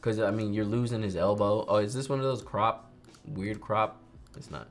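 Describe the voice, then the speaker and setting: A young man, a photographer, chatting casually on a livestream while he edits photos and teaches, in an animated, ranting way, often mimicking other people. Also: fairly low pitch, moderate pace.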